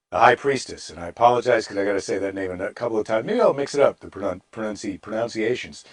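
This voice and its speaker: Wry rambling male comedian. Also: medium pitch. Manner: wry, rambling asides, mock-dramatic readings. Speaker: comedian hosting a daily live stream. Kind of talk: casual comedic chat with Bible reading.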